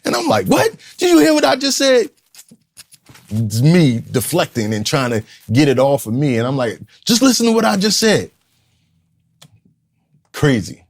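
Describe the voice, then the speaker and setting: A man's voice: lowish voice, a little mellow. A man in his fifties from Newark, a community leader telling a raw, profane personal story in an interview and acting out the voices he quotes. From Newark, New Jersey, USA. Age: 50s. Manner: raw, blunt and profane, with streetwise phrasing; vividly acts out the people he quotes. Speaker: podcast guest, community leader.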